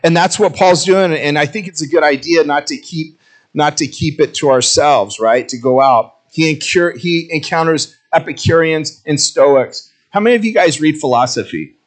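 A male pastor preaching a sermon in a conversational, self-mocking way, telling animated stories. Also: a little high, moderate pace.

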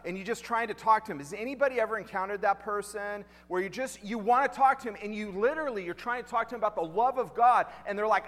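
A man's voice: high voice, fast talker, few pauses, a bit bright, long reverb tail. A male pastor preaching a sermon in a conversational way, asking the congregation questions and repeating key lines.

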